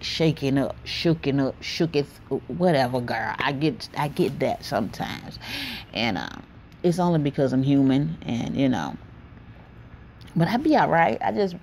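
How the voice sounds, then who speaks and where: Woman vlogger, deep voice, candid heartfelt chat, outdoor porch with faint noise behind. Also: a little mellow. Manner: candid, heartfelt, chatty with Southern slang. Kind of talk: casual vlog talk to camera.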